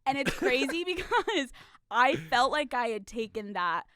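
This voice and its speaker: A woman's voice: high-pitched, sing-song, a little slow, fairly bright tone, dry recording, studio quality. A woman in her twenties hosting a podcast, brash and teasing, swearing freely in casual chat. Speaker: podcast host.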